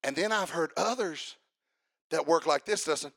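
Male preacher, high and gravelly, fervent call-and-response delivery. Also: measured pace, long pauses, no room sound, clean studio sound. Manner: rising to fervent shouts, call-and-response with congregation. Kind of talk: sermon. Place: church service.

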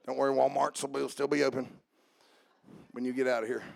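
A man preaching an Easter sermon in church, joking quietly with the congregation and then building to loud, drawn-out preaching. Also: mid-range voice, level tone, gravelly.

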